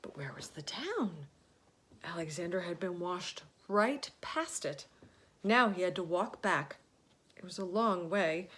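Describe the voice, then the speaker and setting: A woman storyteller reading a children's story aloud, expressive and often dropping to a hushed whisper. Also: on the low side, husky.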